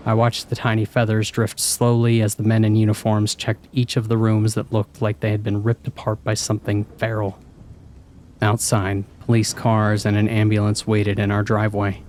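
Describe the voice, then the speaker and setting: A man with a low voice narrating a scripted horror story. He reads in a measured, hushed way and paces the tension. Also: slight background noise.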